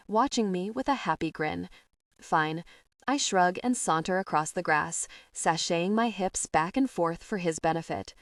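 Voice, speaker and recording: Woman narrating romance, low and intimate. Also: dry recording, clean studio sound. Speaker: audiobook narrator. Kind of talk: first-person romance narration.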